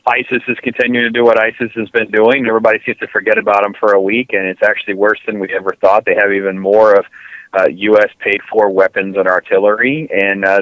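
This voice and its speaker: A man's voice: fairly low pitch, no room sound. A man co-hosting a political talk show, reporting news in a dry, matter-of-fact way. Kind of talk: casual political talk radio. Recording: dry, dull lo-fi sound.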